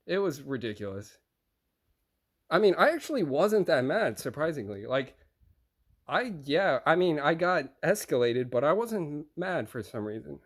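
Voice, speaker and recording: A man's voice: on the high side, big pitch swings, unhurried. A young man telling a rambling, profane story about a run-in at work, acting out the other people's lines. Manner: profane, rambling, acts out quoted voices. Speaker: overnight grocery receiver. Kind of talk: casual storytime rant.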